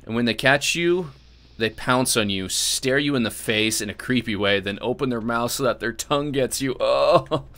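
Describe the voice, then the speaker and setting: Bright-voiced, foul-mouthed gaming man. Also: medium pitch, normal speed. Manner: profane, excitable outbursts at the game; rambling chatty asides. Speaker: gaming channel host. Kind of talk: gameplay commentary.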